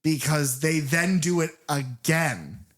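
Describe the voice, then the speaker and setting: A man's voice: fairly high pitch, takes it slowly. A man co-hosting a podcast, chatting casually and animatedly about a horror sequel, swearing freely and acting out scenes. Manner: animated, profane, acts out movie scenes. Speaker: podcast co-host. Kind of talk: casual film review chat.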